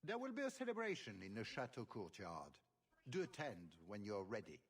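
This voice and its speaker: A polished video game duke, suave and quietly mocking. His mid-range voice swoops widely as he toys with people, with a slightly husky edge. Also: fairly low pitch, very animated, normal speed. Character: smooth, sly aristocratic male duke.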